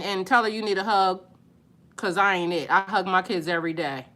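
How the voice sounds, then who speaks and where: A middle-aged woman with a bright, sharp voice, chatting on a live stream. She answers her viewers with blunt, sassy comebacks. When something sets her off, she gets much louder and higher. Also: fairly even intonation, brisk. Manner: sassy, blunt, talks back to commenters; rises loud and high when worked up. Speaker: spiritual live-stream host.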